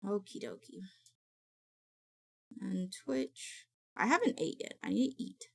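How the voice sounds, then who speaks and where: A woman's voice: mid-range voice, expressive, slow pace, creaky, breathy edge. A woman streamer in casual live-stream chat, rambling and greeting her viewers by name. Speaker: VTuber streamer.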